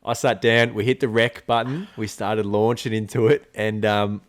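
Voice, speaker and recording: An Australian man co-hosting a podcast, telling animated stories in casual chat, swearing freely and laughing often. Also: lowish voice, moderate pace. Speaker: podcast co-host.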